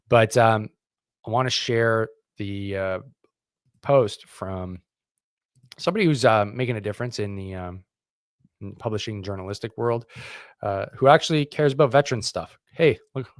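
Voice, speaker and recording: A middle-aged man from Canada, a veteran host speaking alone to his audience in a plainspoken, emphatic way, with sudden loud bursts as he rallies people to show up. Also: no room sound, studio quality. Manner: emphatic, rallying, loud bursts of pitch and volume; rough, plainspoken, curses. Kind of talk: impassioned solo talk to camera.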